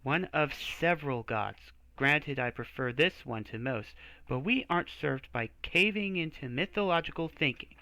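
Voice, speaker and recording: A blunt, exasperated temple knight from a fantasy game, fed up with rules, his bright voice swinging high and low, as a streamer acts him out. It is recorded dry and close. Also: animated, moderate pace, no room sound, rough recording. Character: frustrated male temple knight, gruff and blunt. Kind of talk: reading game dialogue aloud.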